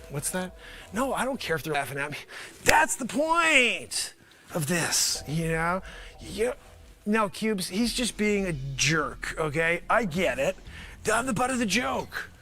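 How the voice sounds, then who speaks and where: A man hosting his own show, rambling through a sarcastic, excitable comic sales pitch. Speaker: host. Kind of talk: comedic improvised pitch.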